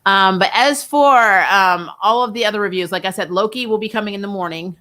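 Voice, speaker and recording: A woman's voice: mid-range voice, a little fast, pushed and bright. A young adult woman hosting a casual live-stream chat about TV shows, talking loosely, laughing often and trailing off mid-sentence. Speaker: host of a TV review channel.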